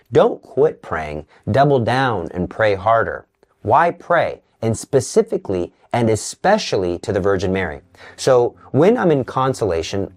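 A man giving an earnest Catholic teaching talk in a sermon style, dropping to a hush for quoted voices. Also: lowish voice. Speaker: Catholic preacher.

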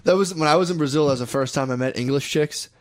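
A man's voice: a little high, fast talker. Slangy young man telling crude stories. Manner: slangy, swears a lot, mimics people he met. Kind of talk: casual crude chat.

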